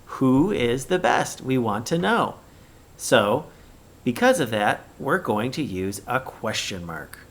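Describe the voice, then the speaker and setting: A male teacher speaks to young children in a recorded remote lesson. His delivery is slow and deliberate, and his voice swings widely in pitch as he acts out example sentences with exaggerated expression. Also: very animated.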